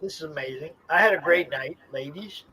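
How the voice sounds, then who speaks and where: A man's voice: on the high side, brisk, bright, forceful tone, a little hiss or hum. A drunk male host laughing and teasing in a casual livestream chat.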